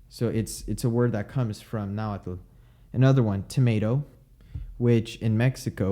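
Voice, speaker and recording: A man's voice: on the low side, steady tone, a little slow, warm tone. A young man hosting an educational podcast, casually explaining speech sounds with many fillers and spoken examples. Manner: explanatory, frequent fillers, demonstrates pronunciations. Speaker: podcast host explaining linguistics.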